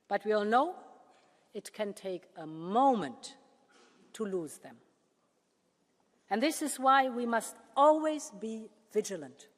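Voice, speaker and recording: A woman leader giving a formal prepared speech to a parliament. She speaks in a measured way and slows down with pauses to stress key words. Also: on the high side. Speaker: political leader addressing a parliament. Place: large parliament chamber. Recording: long reverb of a large chamber.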